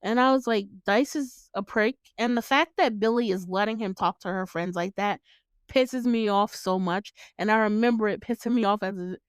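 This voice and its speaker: A woman's voice: mid-range voice, a little fast, clear, resonant tone, dry recording, clean studio sound. A woman hosting her own show, recapping a movie in casual chat, swearing freely, laughing often and acting out her reactions. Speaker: podcast host reviewing a film.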